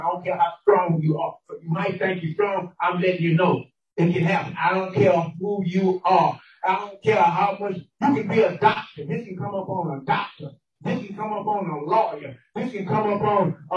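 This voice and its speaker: High-voiced man preaching in an echoey room. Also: recorded from a distance, dull audio. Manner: repeats words, stammering restarts, bursts of shouting. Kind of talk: emotional sermon testimony.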